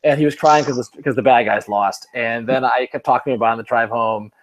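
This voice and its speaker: A man's voice: medium pitch, steady tone, brisk, a little hiss or hum. A man from Cleveland hosting a podcast, chatting casually in a rambling, self-mocking way and laughing often. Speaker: podcast host.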